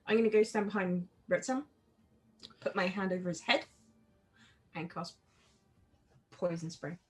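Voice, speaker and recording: Husky low-pitched woman playing a tabletop game. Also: unhurried. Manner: brief, matter-of-fact. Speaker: player. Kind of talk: casual tabletop play.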